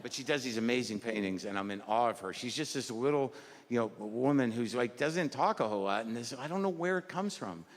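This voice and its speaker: A man's voice: mid-range voice, fairly quick. A male stand-up comedian on a club stage, talking in a rambling, profane, conversational way. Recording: reverberant live club with crowd noise. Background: audience laughter.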